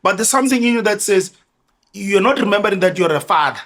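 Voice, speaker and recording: A man's voice: sits high, expressive, fast talker, a bit bright. A man with a South African accent talking earnestly and reflectively in a casual podcast chat.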